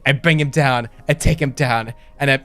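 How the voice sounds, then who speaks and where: A young man co-hosting a podcast, telling dark jokes in a deadpan, provocative way. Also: medium pitch, normal speed, faint music behind. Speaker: podcast co-host. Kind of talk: casual podcast banter.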